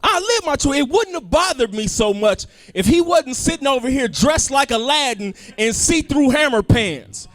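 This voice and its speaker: A male comedian doing a stand-up set, animated, swinging between loud outbursts and low asides. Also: normal speed, hardly any pauses.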